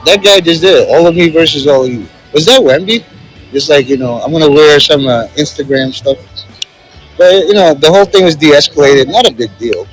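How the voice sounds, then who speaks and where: Speaking a little fast in a high-leaning voice, a man gives casual walking commentary while vlogging on an outdoor city plaza. He rambles, jokes, and uses lots of fillers into his handheld phone, over faint background music on a rough recording.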